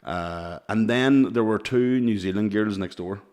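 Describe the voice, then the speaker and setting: A man's voice: on the low side, a little slow, darkish tone. A middle-aged man co-hosting a podcast, telling sweary stories in a casual chat and laughing often. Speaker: podcast co-host.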